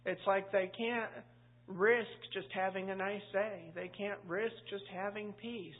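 A woman's voice: mid-range voice, fairly even intonation, measured pace. A woman pastor teaching a Bible study in a chatty, anecdotal way, full of asides. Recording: tinny phone-like line.

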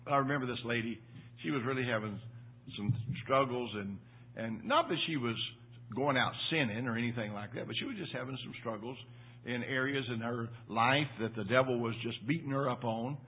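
The audio is tinny and phone-like as an older male pastor delivers a brisk sermon to his church congregation. His husky voice swings from loud, emphatic highs to hushed, low asides, and he repeats phrases for weight while checking in with the listeners.

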